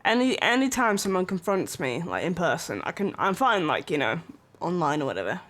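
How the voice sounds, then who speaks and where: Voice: mid-range voice, very animated, fairly quick, fairly bright tone. A streamer chatting casually and rambling, with lots of filler words and small laughs.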